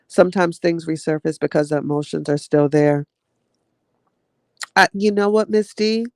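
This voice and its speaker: Her voice is low, dark, and steady, moving at a moderate pace in a studio recording with no room sound. As a podcast host going through the live chat, she drawls casually and sincerely to listeners, frequently saying "child" and "y'all."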